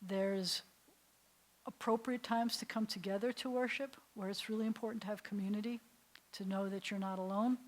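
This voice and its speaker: A woman rabbi teaching an adult class on prayer, reciting Hebrew lines slowly and translating them phrase by phrase, with soft, dropped-voice asides. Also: medium pitch, steady tone.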